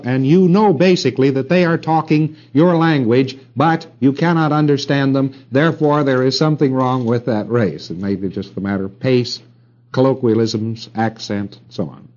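A man's voice: mid-range voice, darkish tone, dull audio. A middle-aged man giving a rambling lecture to an audience, with wry asides and rhetorical questions.

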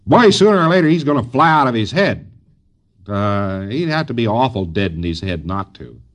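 A man's voice: medium pitch, big pitch swings. Rambling man giving an informal lecture. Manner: rambling, folksy, with frequent pauses and fillers. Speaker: lecturer to trainees.

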